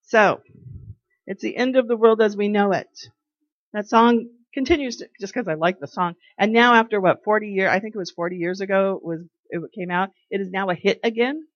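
A woman of medium pitch giving a casual devotional talk, telling everyday stories in a chatty way. She slips into the voices of the people she quotes. The recording is dry, with no room sound, and slightly muffled. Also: fairly quick, no room sound. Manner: chatty storyteller who acts out quoted people. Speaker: devotional speaker. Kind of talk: casual faith talk with anecdotes.

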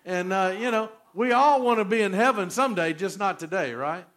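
Preacher in his sixties, animated. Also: sits high, fairly quick. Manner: animated storyteller, quizzes the congregation. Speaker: pastor. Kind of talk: sermon.

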